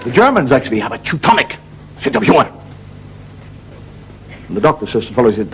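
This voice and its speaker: An Irishman doing a stand-up monologue, spinning stories and dropping into sudden high comic voices. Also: very animated, fast talker, long pauses, a little hiss or hum, rough recording. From Ireland. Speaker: comedian.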